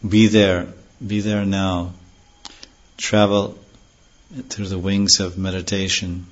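A spiritual teacher gives a devotional scripture lecture, slowly chanting verses and then earnestly explaining them. His voice is deep with little pitch movement, and the recording is dull and lo-fi.

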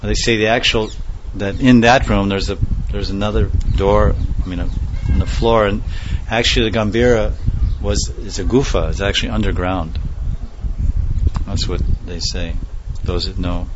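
A man giving a scripture class, explaining the text with pauses and small asides. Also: fairly low pitch, steady tone. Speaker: scripture teacher. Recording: dull lo-fi recording with faint noise.

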